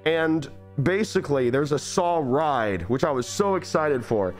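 A man's voice: a little high, lively intonation, unhurried, soft background music. A young man hosting a stream, chatting enthusiastically and rambling with lots of fillers. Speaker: streamer host. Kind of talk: casual stream chat.

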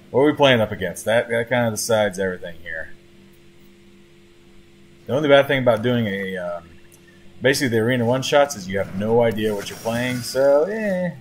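A man's voice: medium pitch, slight background noise. A man giving casual live commentary on his own card game, chatting to his opponent as he plays. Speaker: gameplay commentator.

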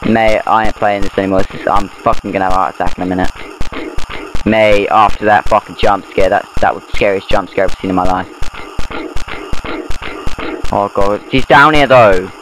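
A man's voice: lowish voice, fairly even intonation, normal speed, pauses often, noisy background. A young man giving nervous, swear-filled commentary while playing a horror game. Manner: jumpy, swearing, nervous rambling. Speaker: gameplay streamer. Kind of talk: horror let's play commentary. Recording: game music behind the voice.

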